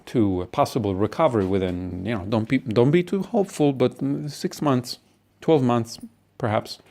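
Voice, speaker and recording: A man voicing a calm, soft-spoken male doctor who talks in a hushed, measured, hesitant way. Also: mid-range voice, close to an everyday voice.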